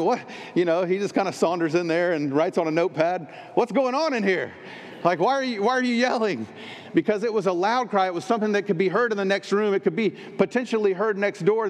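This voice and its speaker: A man's voice: mid-range voice, a little mellow. A male pastor preaching a sermon with emphatic, repeated phrases in threes. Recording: long reverb in a large hall.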